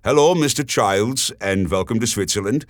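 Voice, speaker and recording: A man voicing a suave, persuasive German businessman with a German accent, speaking politely and smoothly. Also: fairly low pitch, moderate pace, no echo, clean studio sound, voice pushed up, lightly acted. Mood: courteous.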